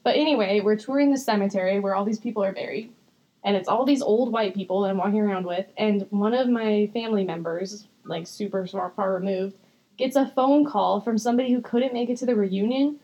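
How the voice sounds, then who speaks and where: A woman's voice: mid-range voice, fairly quick, dark tone, lo-fi sound. A young woman co-hosting a podcast in casual chat, rambling and giggling often, swearing casually. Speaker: podcast co-host.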